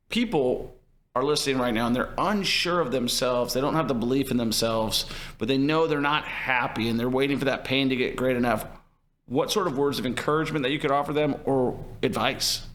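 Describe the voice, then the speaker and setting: A man hosting a podcast, asking questions and pitching his program in an upbeat, emphatic, salesy way. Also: moderate pace, a bit bright. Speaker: podcast host, real estate investor. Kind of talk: interview host and sponsor-style pitch.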